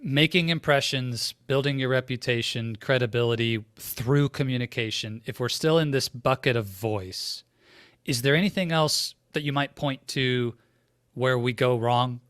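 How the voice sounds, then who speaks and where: A man's voice: mid-range voice, normal speed, a bit bright, clean tone, no room sound, studio quality. A man hosting a podcast interview, speaking reflectively and conversationally and asking long, framing questions. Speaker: podcast host.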